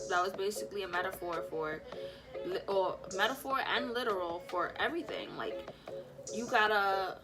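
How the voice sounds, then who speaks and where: A young woman casually retelling a personal story, animated and full of fillers, acting out what people said. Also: lowish voice. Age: young adult. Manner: animated, lots of fillers, acts out quotes. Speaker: vlogger.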